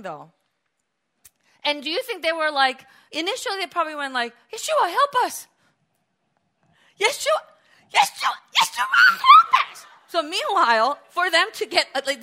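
A woman preaching a sermon, telling the story with animated energy and acting out the voices in it, now and then breaking into shouts. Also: high voice.

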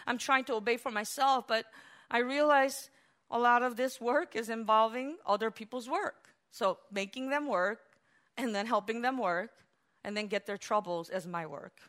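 A woman pastor preaching a sermon, animated, swinging from hushed, quiet stretches to loud exclamations. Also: fairly high pitch.

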